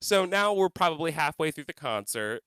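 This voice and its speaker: A man's voice: on the high side, very animated, normal speed, fairly bright tone, clear, resonant tone, no room sound. A man co-hosting a podcast, telling a funny story animatedly, laughing and swearing as he goes. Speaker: podcast co-host. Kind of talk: casual storytelling.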